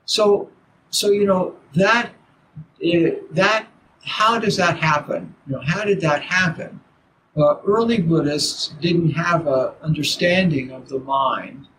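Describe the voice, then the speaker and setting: An older man teaching Zen in a halting dharma talk, full of restarts and "you know"s. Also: fairly high pitch. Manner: halting, repeats words, many "you know"s. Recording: noisy background.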